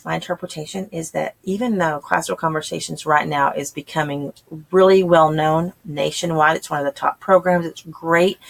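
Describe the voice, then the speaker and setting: A woman's voice: lowish voice, creaky, a bit bright. A woman, talking casually and chattily to homeschooling parents, acting out quoted voices as she explains. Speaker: homeschool channel host.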